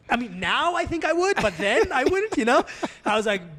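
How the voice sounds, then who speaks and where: Animated high-voiced man telling stories. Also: fast, hardly any pauses. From Azerbaijan. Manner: animated, profane, laughing storyteller. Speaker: podcast guest, tattoo artist. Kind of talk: casual storytelling.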